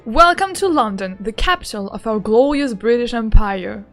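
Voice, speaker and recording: A woman voicing a stately British male chief justice with a slow, measured, put-on British accent, as she plays a game on stream. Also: fairly high pitch, animated, soft background music, pitched below the performer's own voice. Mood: proud.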